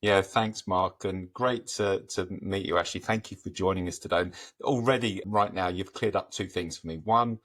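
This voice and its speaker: A man's voice: sits low, fairly even intonation, moderate pace, hardly any pauses, fairly bright tone. A man co-hosting an interview, asking questions hesitantly and repeating words as he works out what to say. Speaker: co-host.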